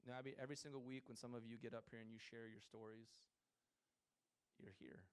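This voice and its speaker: A man's voice: medium pitch, level tone, fairly quick, clean tone. A man preaching a sermon to his congregation in a church, earnest and building to emphatic declarations. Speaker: pastor. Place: church hall before a congregation.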